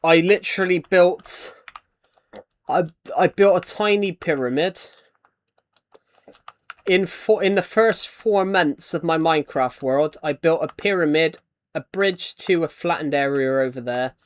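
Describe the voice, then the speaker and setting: A man's voice: fairly high pitch, unhurried. A young man with a British accent, chatting casually as he streams a game and thanks viewers. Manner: chatty, thanks donors, trails off in restarts. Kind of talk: casual live-stream chat.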